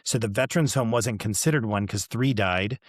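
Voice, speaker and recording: Middle-aged male podcast host, low voice, loose storytelling full of fillers, dry close recording. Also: brisk, no echo. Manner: rambling, full of fillers and quoted dialogue. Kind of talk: casual chat.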